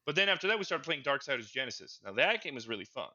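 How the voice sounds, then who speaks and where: A young man co-hosting a casual gaming podcast, telling stories in an animated, stammering way and getting loud when excited. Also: rapid-fire, muffled recording. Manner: animated storytelling, gets loud and high when reliving frustration. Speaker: podcast co-host. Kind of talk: casual chat.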